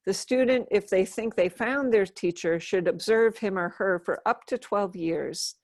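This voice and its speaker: Woman in her fifties, lively storyteller, dry close sound, acts out voices. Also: medium pitch, unhurried, no room sound. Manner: animated storyteller, acts out quoted dialogue. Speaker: interview guest, Buddhist nun. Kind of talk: storytelling in a relaxed interview.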